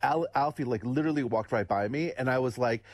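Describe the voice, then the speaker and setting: Excitable man telling film stories. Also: mid-range voice, a little fast, no echo. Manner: excitable anecdotal storytelling. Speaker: film critic, regular co-host. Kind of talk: casual chat.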